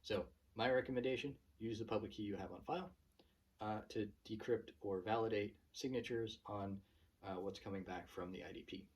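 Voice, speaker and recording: A man hosting his own channel, talking casually to camera in a relaxed rant full of fillers and restarts. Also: lowish voice, fairly quick, slightly rough, recorded from a distance. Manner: chatty, many fillers and restarts. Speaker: channel host.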